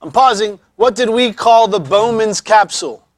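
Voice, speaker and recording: Chatty high-voiced male teacher. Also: no room sound, clean studio sound, faint music behind. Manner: conversational, repeats words, frequent pauses to explain. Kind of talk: classroom lecture. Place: classroom.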